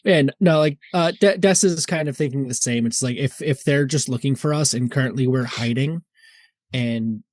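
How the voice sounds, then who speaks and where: A relaxed man talking through his turn in a tabletop role-play game. He has a mid-pitched voice, and the recording is close and dry. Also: moderate pace, no echo. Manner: easygoing, brief agreements. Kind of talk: casual play chat.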